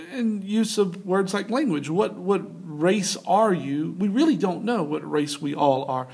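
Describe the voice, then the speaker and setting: Casual higher-voiced male teacher. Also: darkish tone. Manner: casual, loose, many fillers and restarts. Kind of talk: recorded lecture over slides.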